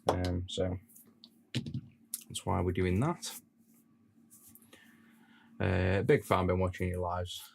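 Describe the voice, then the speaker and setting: A man's voice: sits low, takes it slowly, gravelly, pauses often, slight background noise, poor audio. A man with a Stoke-on-Trent accent, chatting casually with his stream audience while he solders. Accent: Stoke-on-Trent (Potteries). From Stoke-on-Trent, England. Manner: relaxed and rambling, answering chat as he works. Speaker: streamer repairing retro consoles.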